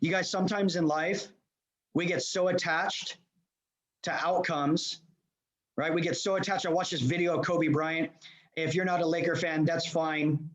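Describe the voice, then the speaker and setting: A man from Los Angeles giving an energetic motivational seminar talk as a leadership coach, speaking directly to his audience. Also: a little high, normal speed. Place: remote presentation to a live room. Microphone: video call.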